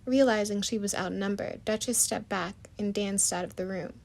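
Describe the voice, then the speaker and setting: A woman narrating a storybook chapter in a soft, even manner. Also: medium pitch, normal speed, gravelly.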